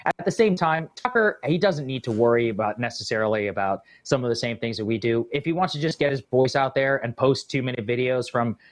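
A man appearing as a guest commentator, chatting about politics in an animated, emphatic way. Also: medium pitch, fairly quick, few pauses. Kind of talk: casual political chat.

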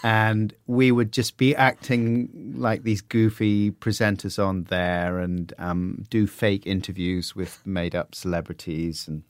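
A middle-aged man telling stories in an interview, animated and slipping into silly voices. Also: on the low side, takes it slowly, hardly any pauses, dry recording, clean studio sound. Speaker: podcaster guest. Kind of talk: conversational interview.

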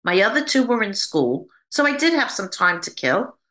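A woman who works as a psychic medium, telling her story in an interview in an animated way and acting out the voices she quotes. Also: medium pitch, moderate pace.

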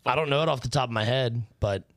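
A man's voice: medium pitch, fast, fairly bright tone, no room sound. A man co-hosting a podcast, telling stories in laid-back casual chat. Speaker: podcast co-host.

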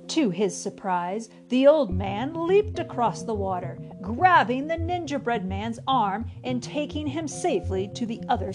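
A woman hosts a children's podcast and reads a storybook aloud. Her voice is fairly high and very lively, and she takes her time. Clear music plays behind her.

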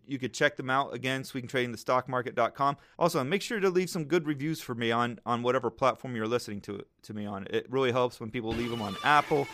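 A man's voice: mid-range voice, bright, forceful tone. A man hosting a podcast, chatting casually and rambling cheerfully while giving trading advice to listeners.

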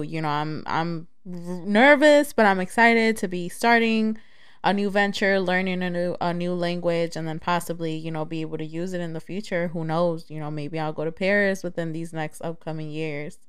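With a fairly low, clean-toned voice, this young Chicago-area podcast host keeps things casual and candid, cursing without hesitation and laughing readily.

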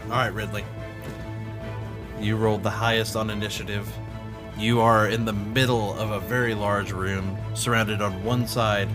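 A man narrating as game master in a tabletop game, relaxed and chatty. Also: lowish voice.

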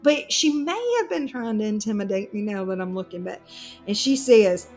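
A woman, telling a comic story on a podcast in a casual, animated way and laughing as she goes. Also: medium pitch, normal speed, faint music behind. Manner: animated, laughs through her own story. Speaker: podcast co-host.

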